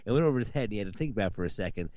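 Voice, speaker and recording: Low-voiced man telling a story, muffled sound. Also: rapid-fire, dry recording. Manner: animated storyteller who acts out the people in his anecdotes. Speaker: podcast co-host. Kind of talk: casual chat, storytelling.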